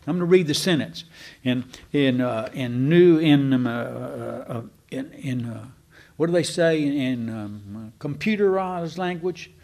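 Preacher, male, middle pitch, chatty teaching delivery, leans on words for emphasis. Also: creaky, darkish tone. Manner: folksy and digressive, slows down for emphasis. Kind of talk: conversational Bible teaching.

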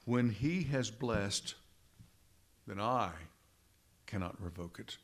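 A man preaching a sermon, slow and deliberate, repeating phrases for emphasis and addressing the congregation as brethren. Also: fairly low pitch, animated. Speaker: pastor.

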